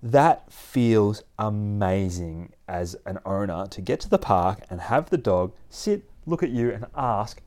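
A man explaining dog training in a casual, animated way, often laughing and acting out his dog. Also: lowish voice, slow, hardly any pauses. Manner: animated, acts out dogs and people in playful voices, laughs often. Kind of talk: casual instructional talk.

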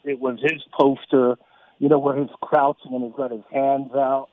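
A male caller on a phone-in show, talking in a halting way and repeating words as he thinks. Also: mid-range voice, flat delivery, no room sound. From Southern California. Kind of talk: phone-in call. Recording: tinny phone line.

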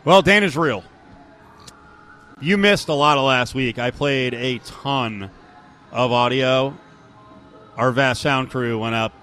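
A man's voice: mid-range voice, slow, pauses often, pushed and bright, soft background music. Guy on sports radio, jokey sarcastic banter, ordinary mid voice. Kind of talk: casual sports talk.

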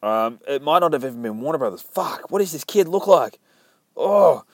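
A man's voice: fairly high pitch, animated, normal speed, darkish tone, no room sound, clean studio sound. A man, rambling through a casual, profane comic book review. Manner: rambling, swears a lot, laughs between thoughts.

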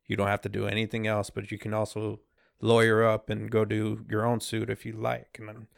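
A man with a low, gravelly voice telling a story in a laid-back podcast chat. He talks in loose slang and quotes other people along the way. The sound is dry and close. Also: completely flat delivery, fairly quick, dry recording. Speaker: podcast co-host.

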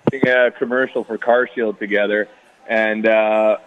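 A man's voice: on the low side, level tone, normal speed, phone-quality sound. A man in his thirties from Canada, a guest athlete chatting casually in an interview, easygoing and rambling with lots of fillers.

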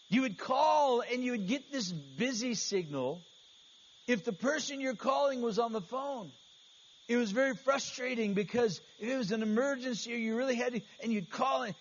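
A man preaching an earnest, conversational sermon as pastor, often restarting his phrases. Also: sits high. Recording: slightly dull, faint hiss.

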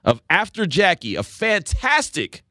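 Animated high-voiced radio host, bone-dry sound. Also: male voice, measured pace, no room sound. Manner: animated, opinionated, swinging up and down. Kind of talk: casual opinionated radio talk.

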